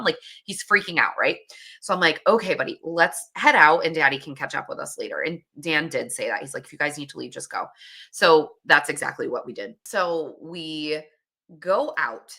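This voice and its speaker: A woman's voice: low voice, brisk, bright, forceful tone. A woman in her late thirties, a podcast host, casually telling a candid story with laughs and swearing. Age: 30s.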